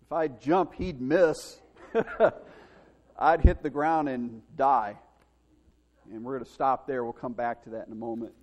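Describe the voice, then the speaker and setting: A man preaching a Sunday sermon, telling a story in an animated way and acting out the quoted lines with shouts. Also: moderate pace. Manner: animated, acts out quotes with big shouts and pitch jumps. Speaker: pastor. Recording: long hall reverb.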